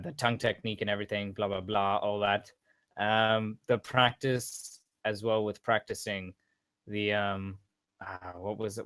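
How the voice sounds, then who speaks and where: A man's voice: lowish voice, a bit bright, dry recording. A man casually coaching a voice-training session over voice chat, rambling with frequent restarts and asides.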